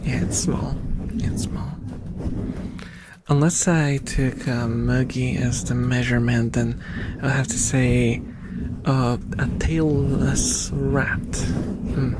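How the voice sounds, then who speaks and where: A man chatting softly and rambling with viewers on an ASMR livestream, giggling now and then. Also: medium pitch, slow, long pauses. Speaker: ASMR streamer. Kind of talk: soft-spoken ASMR livestream. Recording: loud steady background noise. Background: whirring small fan.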